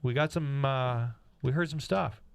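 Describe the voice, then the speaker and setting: A man co-hosting a casual talk show, chatting in quick, loose banter with lots of fillers. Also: medium pitch, vocal fry, a little hiss or hum. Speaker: podcast co-host.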